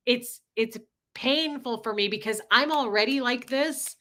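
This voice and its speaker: A woman chatting live to her viewers in a bright, tense voice that sits a little high. She rambles and swears freely as she vents her frustrations, reading and thanking super chats as she goes. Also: big pitch swings, moderate pace. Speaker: livestream host. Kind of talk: casual livestream chat.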